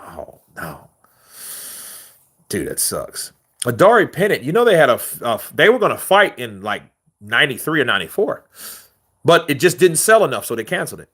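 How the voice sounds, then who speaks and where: Animated, rambling man chatting with viewers. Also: medium pitch. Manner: loose, profane, rambling street talk; answers viewer questions, acts out quotes with voice shifts. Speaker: boxing commentary host. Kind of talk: casual chat with viewers.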